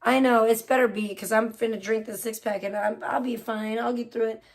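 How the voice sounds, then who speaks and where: A woman's voice: fairly high pitch, steady tone, a little fast. A woman hosting a casual livestream, chatting with viewers in a blunt, profane, heated way. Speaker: livestream host. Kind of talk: casual live-stream chat with viewers.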